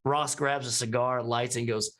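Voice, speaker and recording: A man's voice: medium pitch, little pitch movement, moderate pace, fairly bright tone. A man narrating a scene in a tabletop game in vivid, cinematic detail. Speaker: player.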